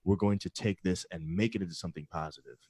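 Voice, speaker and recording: A man's voice: deep voice, fairly even intonation, quick pace, darkish tone, slightly rough, no room sound, studio quality. A man, a pastor appearing as a podcast guest, speaking emphatically in casual conversation. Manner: emphatic, affirming, speaks in building phrases.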